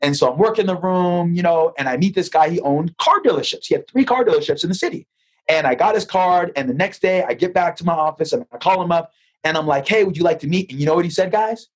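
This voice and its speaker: A husky man with a high voice, guest on a podcast interview. He tells lively stories, acts out both sides of conversations, and often doubles up words when he restarts a sentence. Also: fast, rough recording. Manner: lively storyteller who acts out dialogue. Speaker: guest, financial advisor.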